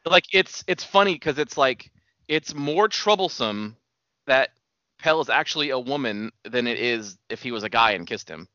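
A man's voice: mid-range voice, lively intonation, normal speed, sharp tone, dry recording. A young man in casual chat, laid-back, filling in details for his co-host. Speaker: podcast co-host. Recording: muffled dry recording.

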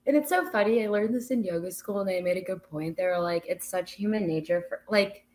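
A young woman co-hosts a casual podcast in a brisk, medium-pitched, somewhat dark voice. She talks things through reflectively in relaxed chat, using many fillers.

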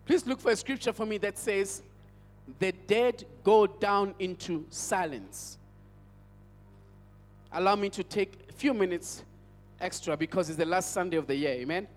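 A man's voice: sits high, measured pace, pauses often. A male pastor with a South African accent, preaching a sermon as an emphatic storyteller who repeats his phrases. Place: church hall. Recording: church hall with long reverb.

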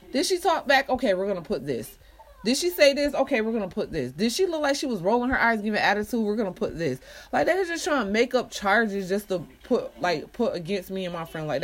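Profane young woman telling a story. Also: mid-range voice. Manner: profane, animated retelling with quoted voices. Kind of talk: casual storytelling.

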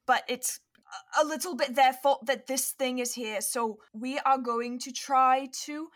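A woman's voice: high-pitched, fairly even intonation, measured pace, voice pushed up. A woman voicing an adult witch, flustered and apologetic as she reassures children. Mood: reassuring. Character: brisk worried adult witch Hermione.

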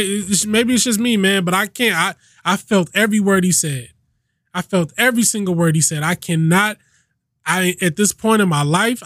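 High-voiced man ranting on his podcast. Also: fairly bright tone, no echo, clean studio sound. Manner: emphatic, repetitive, swears freely. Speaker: podcast host. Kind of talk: casual solo rant.

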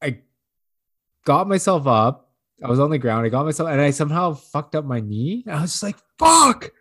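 A man's voice: lively intonation, fast talker. Profane, rambling man telling a story. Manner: rambling, profane, laughs often; acts out quotes in a higher voice. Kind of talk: casual chat, storytelling.

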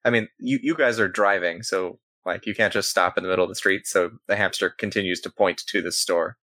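Male GM, brisk loose narration, low and forward, dry close sound. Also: bright, forceful tone, no echo. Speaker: game master. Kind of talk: narrating a tabletop game.

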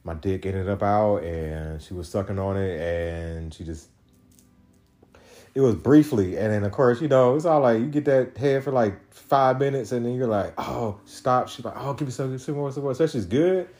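Solo podcast host, male, deep low register, casual rambling profane storyteller. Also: moderate pace, mellow. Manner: loose, profane, rambling with many restarts.

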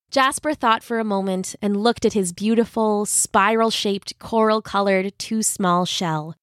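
A woman narrating a children's story in a gentle, expressive way. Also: mid-range voice, measured pace, hardly any pauses, no room sound, clean studio sound.

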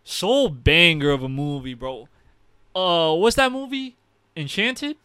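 Young male co-host, high voice, dry close sound, slangy, emotional, drops "bro" every line. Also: lively intonation, slow, bright, forceful tone, smooth, no room sound. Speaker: podcast co-host. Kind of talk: casual chat.

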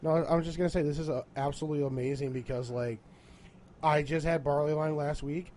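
A man's voice: on the high side, fairly even intonation, fairly quick, darkish tone, a little hiss or hum. A young man co-hosting a casual beer podcast, joking and enthusiastic. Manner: enthusiastic, jokey. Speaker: podcast co-host. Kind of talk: casual chat.

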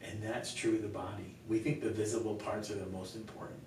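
A male pastor talking earnestly in a conversational Q&A, telling stories with gentle laughs. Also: flat delivery, fairly quick. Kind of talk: conversational Q&A teaching. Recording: echoey room, mic far off, faint rumble.

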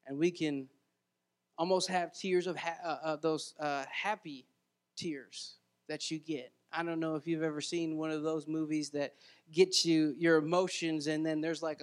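A man preaching a sermon as pastor, earnest and conversational, with frequent restarts and asides to the congregation. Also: a little high.

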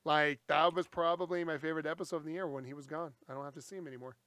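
A man's voice: a little high, fairly even intonation, very fast, sharp tone, no echo. A man co-hosting a casual podcast, easily amused and laughing a lot. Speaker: podcast co-host.

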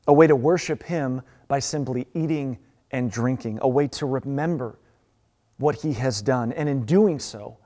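A man's voice: mid-range voice, warm tone. A man preaching a sermon as pastor, earnest and emphatic, often restarting his words. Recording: long reverb.

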